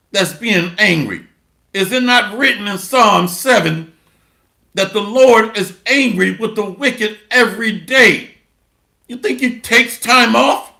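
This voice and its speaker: Slow, gravelly, high-voiced preacher man. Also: bright, forceful tone, roomy sound. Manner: blunt, mocking, preaching. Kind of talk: sermon with scripture reading.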